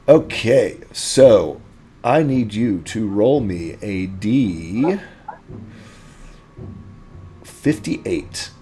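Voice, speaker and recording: A man's voice: on the low side, creaky, mellow, slight background noise. A man running a tabletop game as game master, chatty and playful.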